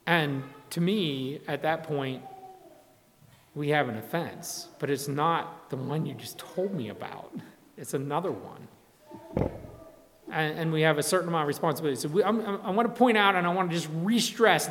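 A man's voice: a little high, expressive, normal speed, a bit bright, slight background noise. A man preaching a sermon in a conversational way, often restarting and acting out quotes. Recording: long hall reverb.

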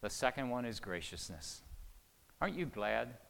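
A man preaching a sermon, telling a story, swinging between hushed asides and loud, emphatic lines. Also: mid-range voice, sing-song, moderate pace, creaky. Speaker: pastor. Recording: long reverb of a large hall.

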